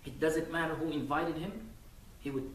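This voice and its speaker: A man giving a Friday sermon, lively and storytelling, acting out little scenes and laughing often. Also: fairly high pitch, moderate pace, a little hiss or hum. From United States. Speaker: preacher. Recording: echoey room from far off.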